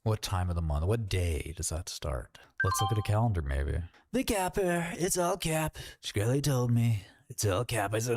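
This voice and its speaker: A man's voice: on the low side, animated, moderate pace, no echo, studio quality. A man hosting a casual trading livestream, rambling and joking as he thinks aloud and talks to his chat. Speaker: livestream host.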